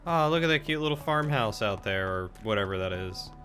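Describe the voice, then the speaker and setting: A man's voice: lowish voice, lively intonation, a little fast, a bit bright, soft background music. A man streaming a game live, chatting playfully and reading the in-game letters aloud.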